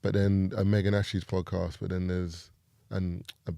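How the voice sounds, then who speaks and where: A man's voice: sits low, little pitch movement, normal speed, gravelly, warm tone, dry recording, studio quality. A British man in casual podcast chat, talking loosely with lots of fillers. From United Kingdom. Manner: loose, rambling, many fillers. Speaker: podcast guest.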